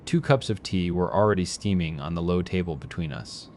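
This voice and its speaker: A man reads a horror story in a very deep voice. His delivery is measured and grim, with a faint hiss of noise behind him. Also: a little mellow. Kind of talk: scripted horror narration.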